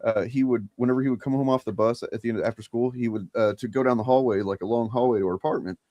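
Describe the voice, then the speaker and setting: A man's voice: medium pitch, steady tone, fast talker, dark tone, no room sound, highs cut off. Man, thirties, casual podcast chat, rambling, jokey, dry close sound. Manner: rambling, jokey, laughs often. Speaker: podcast co-host.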